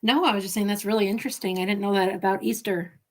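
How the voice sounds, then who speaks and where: A woman's voice: mid-range voice, steady tone, fast talker. A woman co-hosting a casual chat over a video call, chiming in with agreeable short reactions. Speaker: podcast co-host.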